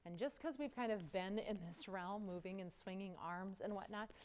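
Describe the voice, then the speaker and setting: A woman's voice: medium pitch, moderate pace, a little hiss or hum. A woman teaching a yoga class, giving casual, chatty movement cues while out of breath from the exercise. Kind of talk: guided yoga class instruction.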